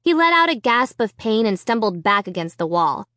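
A woman narrating a children's story in first person, with an expressive, dramatic reading. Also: medium pitch, normal speed, few pauses, no room sound, clean studio sound. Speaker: audiobook narrator.

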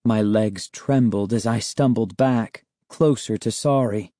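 A man narrating a chapter of a children's book in a measured storytelling way. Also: fairly low pitch, mellow, dry recording, clean studio sound. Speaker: audiobook narrator. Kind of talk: scripted narration.

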